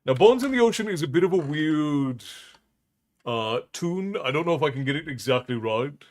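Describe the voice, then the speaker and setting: A man's voice: a little high, expressive. A man hosting a tavern-themed live stream, chatting casually and thankfully with his audience between songs. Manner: unhurried, thankful, easygoing banter.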